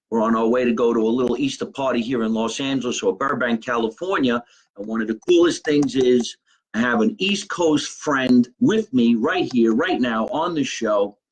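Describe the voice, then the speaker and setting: A man from New Jersey hosting a casual live podcast, talking in an animated way. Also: mid-range voice, slightly rough, poor audio. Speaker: podcast host.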